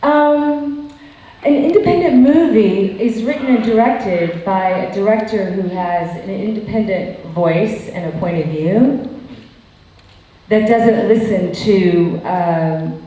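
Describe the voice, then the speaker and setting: A woman interviewed on stage, answering in a hesitant, reflective way with pauses. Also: medium pitch, mellow. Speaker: guest actor interviewed on stage. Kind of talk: onstage interview. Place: theater stage before a live audience. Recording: echoey hall, distant mic.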